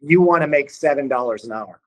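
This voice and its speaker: A man from Cleveland telling stories as a podcast guest, animated and acting out what other people said in quick little voices. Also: a little high, no room sound, rough recording. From Cleveland, Ohio. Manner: animated, acts out quoted voices, swears casually. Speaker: podcast guest, band vocalist. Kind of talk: casual storytelling in conversation.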